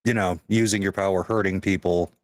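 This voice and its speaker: A man's voice: sits low, steady tone, a little fast, no room sound, clean studio sound. A man player in a tabletop game, talking casually and hesitantly, with frequent fillers as he thinks. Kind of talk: casual chat about his character.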